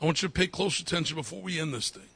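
A male pastor preaching a sermon, repeating his phrases and building up to fervent shouting. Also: a little high, rapid-fire, vocal fry, breathy edge, no echo.

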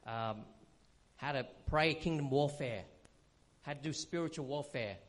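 A man teaching a sermon in a conversational way, often checking in with "okay?" and pausing on fillers. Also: medium pitch. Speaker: pastor.

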